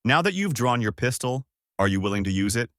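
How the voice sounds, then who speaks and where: Man doing a cool, calm pirate captain. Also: mid-range voice, fairly quick, no room sound, clean studio sound. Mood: calm teasing. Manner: calm, dryly teasing.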